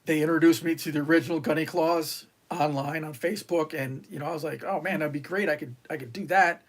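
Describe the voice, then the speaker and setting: A middle-aged man from New York, a retired Marine, talks as a guest on a podcast, and his voice sits a little high for a man. He tells long stories in a rambling way, full of fillers and restarts, and he acts out the lines of the people in them. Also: fairly even intonation, brisk. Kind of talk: casual interview storytelling.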